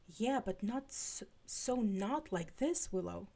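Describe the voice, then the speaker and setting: A woman's voice: medium pitch, lively intonation, slow, vocal fry, dark tone, full character voice. A woman reading aloud voices a wry, restless teenage girl vampire slayer.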